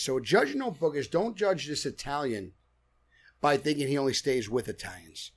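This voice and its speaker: Energetic New man, higher voice. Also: moderate pace. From Brooklyn, New York. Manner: energetic, animated storytelling. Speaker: podcast guest, actor. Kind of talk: casual chat. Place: podcast studio.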